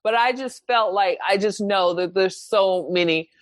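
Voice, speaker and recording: A woman co-hosting a podcast, talking in an animated, rambling way with many fillers and restarts. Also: mid-range voice, a little slow, no room sound. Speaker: podcast co-host. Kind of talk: casual chat. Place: lives in Germany.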